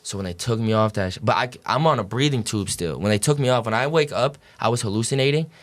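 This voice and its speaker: A man's voice: mid-range voice, fast. A young man telling a story as a podcast guest, casual and profane, packed with "like" and "dude".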